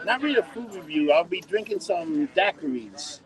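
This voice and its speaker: A man with a high voice jokes around in a loose, profane way on a podcast. He tends bar and has plenty of casual banter. A clear crowd murmurs behind him. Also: sing-song, moderate pace. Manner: joking, loose, profane reactions. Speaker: podcast co-host and bartender. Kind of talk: casual chat.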